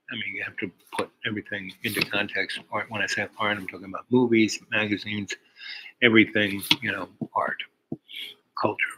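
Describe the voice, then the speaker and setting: A man's voice: fairly low pitch, noisy background. An older man telling a meandering personal story, full of fillers and asides. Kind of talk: rambling personal anecdote.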